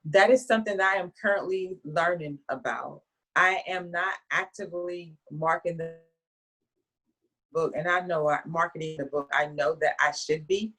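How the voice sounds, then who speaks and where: Chatty woman author, low-pitched voice. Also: moderate pace. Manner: chatty, animated storyteller with frequent restarts and laughs. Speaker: author being interviewed. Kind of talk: casual storytelling interview.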